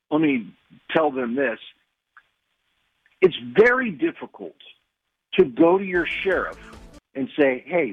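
A man's voice: on the high side, gravelly, breathy edge, no room sound. A man on the phone as a radio guest, talking in a combative way with many fillers and restarts. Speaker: radio guest, gun rights group leader. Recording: tinny phone line.

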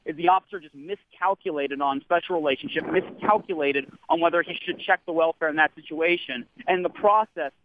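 A man's voice: fairly high pitch, brisk, few pauses, slight background noise. A man calling in to a radio show, speaking carefully and hedging like a lawyer. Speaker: caller. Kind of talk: phone-in commentary. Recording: phone line.

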